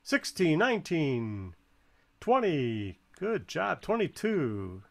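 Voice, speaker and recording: A man's voice: a little high, huge pitch swings, takes it slowly, gravelly, a bit bright. A man giving casual, encouraging play-by-play while someone else flies in a video game, counting the balloon score aloud. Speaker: co-commentator watching a flight game.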